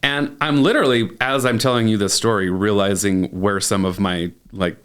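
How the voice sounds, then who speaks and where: A man's voice: lowish voice, steady tone, moderate pace, a bit bright, clear, resonant tone. A man in his thirties, a podcast host and plastic surgeon, telling a story in a casual chat and chuckling often.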